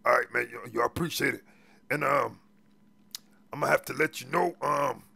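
A gruff, blustering cop on the take, as a man voices him in a game role-play, with a deeply gravelly, husky voice. He is bright and forceful, pitched a touch high, and he stammers through slangy street talk. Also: fairly quick, full character voice. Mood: threatening. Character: crooked male cop after a bribe, gruff and blustering. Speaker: police officer.

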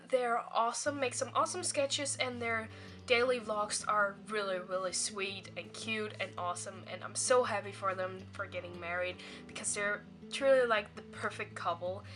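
Bubbly bright-voiced woman vlogging. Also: mid-range voice. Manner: bubbly, rambling, giggly. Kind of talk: casual vlog chat.

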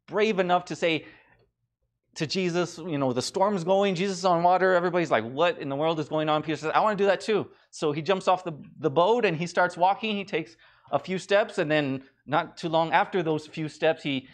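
Guy preaching a sunday sermon, chatty and animated, lots of restarts. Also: on the high side, normal speed. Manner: conversational, animated retelling with many restarts and fillers. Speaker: pastor. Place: church.

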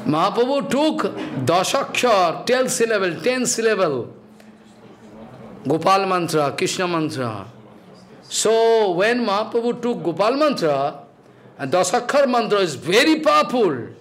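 Male preacher, high voice, broken English, quizzes and scolds the congregation. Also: very animated, a little slow, fairly bright tone. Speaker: spiritual teacher. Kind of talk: devotional sermon.

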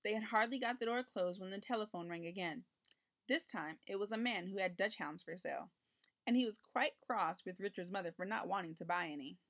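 A woman reading a children's picture book aloud, narrating gently and lifting her voice for the characters' lines. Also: mid-range voice, a little fast. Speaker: storybook reader.

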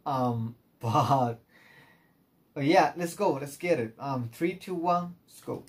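A man chatting to the camera as a music video reactor, gushing like an excited fan. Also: mid-range voice, takes it slowly, slightly rough. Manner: chatty, gushing fan talk full of "oh my gosh". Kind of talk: casual reaction chat.

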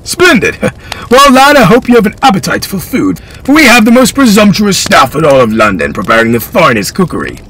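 A man's voice: on the low side, wildly swooping pitch, brisk, bright, forceful tone, slightly rough, heavily acted. A man voicing a fat, gouty old lord who is pompous, indulgent and sly, in a storybook reading. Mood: jovial.

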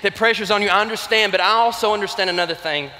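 Young man, Alabama Southern accent, bright forceful voice, folksy earnest speech, long arena reverb. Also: high-pitched, quick pace. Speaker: youth organization officer. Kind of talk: motivational speech. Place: large arena.

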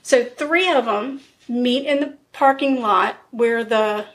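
This woman's voice is on the high side and a bit bright, with a slow pace and a little hiss or hum. As a podcast co-host she casually narrates a true crime case, performing the involved people's quotes with fillers.

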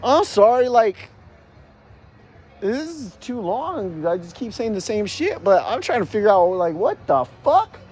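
A rattled man vents into his phone outdoors in a city, swearing constantly and going over the same points again and again. His voice sits high and husky, and it swings widely in pitch as he talks himself in circles. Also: big pitch swings, measured pace, a little mellow. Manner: agitated, profane, repeats himself. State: shaken, heart racing. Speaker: vlogger. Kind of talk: rambling self-filmed vent.

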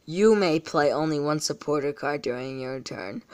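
A woman's voice: sits low, lively intonation, normal speed, hardly any pauses, darkish tone. A young woman vlogging as she opens trading card packs, gasping and exclaiming over her pulls. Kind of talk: excited unboxing vlog.

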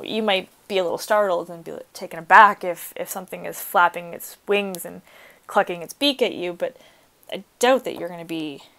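Woman teacher, story read-aloud lesson, chatty asides, expressive reading, mid-pitched voice. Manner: casual, chatty asides with fillers and light laughs; reads quoted passages with rising expressive emphasis.

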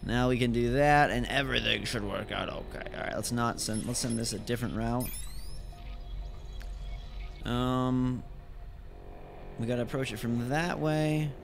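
A man's voice: medium pitch, measured pace, gravelly, pauses often, over music. A man casually commenting on a video game as he plays, thinking aloud about each move. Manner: chatty, thinking aloud while playing. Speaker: gameplay commentator.

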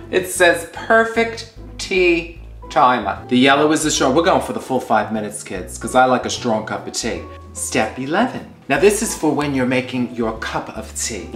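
Reverberation fills the recording as this comedy host, a man with a medium-pitched, slightly bright voice, hams up a tea-making demo at home. The performance is theatrical and camp, punctuated by fed-up swearing on the side.

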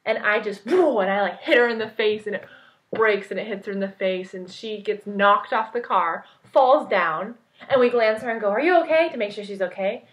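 A young woman vlogging, telling a story in an excited, rambling way full of "like". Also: medium pitch, moderate pace. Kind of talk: casual storytelling vlog. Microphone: point-and-shoot camera mic. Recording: dull lo-fi camera audio.

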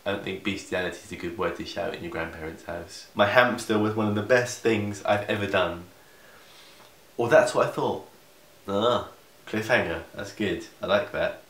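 Young man, comedic reading, sarcastic, low-pitched, roomy echo. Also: moderate pace, fairly bright tone. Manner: sarcastic, interrupts himself with asides. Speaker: vlogger. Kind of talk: comedic fan fiction reading. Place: room in grandparents' house.

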